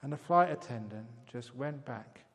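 A man giving a calm meditation talk, speaking gently and growing softer on key words. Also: mid-range voice, normal speed. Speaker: meditation teacher. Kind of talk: dharma talk with a joke. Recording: long hall reverb.

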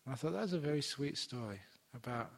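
A man's voice: medium pitch, expressive, quick pace, gravelly, slightly rough. A man, a Buddhist monk, tells a teaching story to an audience in an easy, chatty way. He slips into his characters' voices as he goes, and the sound carries a long reverb from the large hall. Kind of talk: dharma talk storytelling.

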